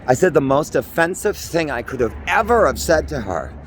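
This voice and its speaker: With a high-leaning voice and big pitch swings, this forties-aged vlogger from Minnesota jokes his way through a campy, theatrical improvised monologue at a moderate pace. He's walking outdoors on city streets, and a little hiss or hum is audible.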